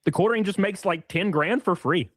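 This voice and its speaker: A man's voice: sits high, brisk, no echo. A man co-hosting a casual commentary stream, chatty and reacting to the chat.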